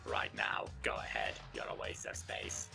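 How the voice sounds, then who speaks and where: A man's voice: rumbling low, completely flat delivery, normal speed, gravelly, music in the background, pitched below the performer's own voice, full character voice. A man voicing an arrogant, cold rich young man, speaking in a haughty, clipped way. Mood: contemptuous.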